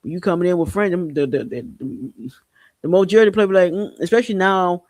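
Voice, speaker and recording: A man hosts a podcast, talking in a slightly high, gravelly voice. He is blunt and profane, and he rambles with frequent restarts. The sound is dry and close. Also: fairly quick, a little mellow, no echo. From Haiti. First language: Haitian Creole. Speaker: podcast host. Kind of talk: casual opinion commentary.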